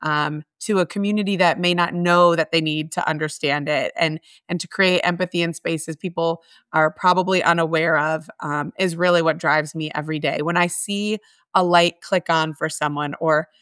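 A middle-aged woman speaks earnestly and from the heart, often circling back and restarting her thoughts. Her voice is smooth and clear, a little low for a woman. It is recorded close and dry, with no room sound. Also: steady tone, moderate pace, fairly bright tone, dry recording. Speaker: guest, homeless mission staff. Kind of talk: conversational interview.

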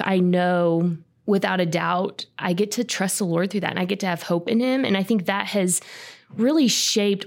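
A woman's voice: lowish voice, a little mellow. Sincere woman sharing a faith story. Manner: sincere, reflective. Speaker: podcast guest. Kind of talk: personal faith testimony.

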